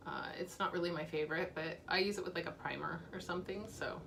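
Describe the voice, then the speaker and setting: A woman's voice: lowish voice, fast talker, gravelly, sharp tone, a little hiss or hum. A woman beauty vlogger talking casually and candidly about makeup she is using up, with fillers and small laughs. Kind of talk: casual chat.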